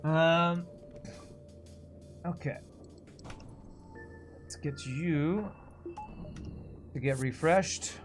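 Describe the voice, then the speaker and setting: A man's voice: fairly high pitch, very slow, long pauses, faint music behind. Chatty East Texas man streaming a game. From American South. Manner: chatty, rambling, reacts to the game as he talks. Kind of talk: casual gameplay commentary.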